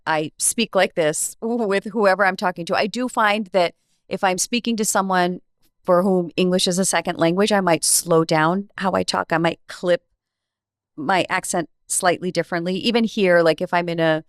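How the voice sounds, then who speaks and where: An American woman speaking as a podcast guest, measured and reflective in a conversational interview. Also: on the low side, no room sound, studio quality.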